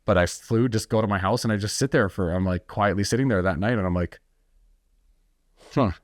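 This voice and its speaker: Blunt, low-voiced man telling his story. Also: brisk, no echo, studio quality. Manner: blunt, intense, swears freely, acts out quoted dialogue. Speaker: entrepreneur guest. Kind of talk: candid storytelling in a podcast interview.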